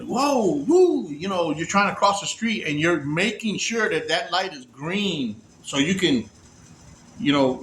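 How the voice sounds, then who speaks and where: A man with a fairly high voice tells a story casually, animated and full of swearing. He acts out the voices of the people he met. Faint room ambience sits behind him. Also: a little hiss or hum. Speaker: storyteller recounting prison release.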